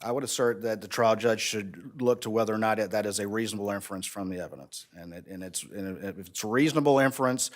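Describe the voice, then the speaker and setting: A man's voice: on the low side, fast talker, few pauses. A man, arguing earnestly as an attorney in a courtroom oral argument. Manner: earnest, building to emphatic. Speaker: prosecutor arguing an appeal.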